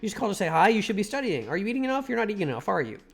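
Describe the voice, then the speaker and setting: A man's voice: high voice, sing-song, very fast, creaky, soft background music, voice pushed up, heavily acted. A man voicing a fussing, nagging mother on the phone in a game.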